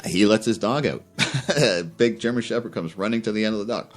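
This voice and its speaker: A man's voice: lowish voice, fairly quick, faint music behind. A man hosting a fishing podcast, rambling and heated, with many fillers and restarts. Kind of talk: casual opinion rant.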